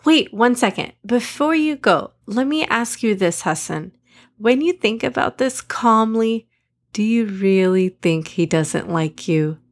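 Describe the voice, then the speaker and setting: A patient, loving storybook mother, read by a woman, gentle and coaxing. The voice lifts a little above the reader's own. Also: on the high side, expressive, a little slow. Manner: gentle, coaxing, slightly raised.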